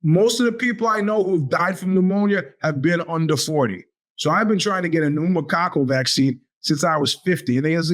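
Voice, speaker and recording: A man's voice: fairly high pitch, a little fast. A man in his fifties hosting a podcast, telling a long rambling story and acting out the voices of the people in it. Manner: animated, acts out quoted voices. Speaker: podcast host. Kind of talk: storytelling monologue.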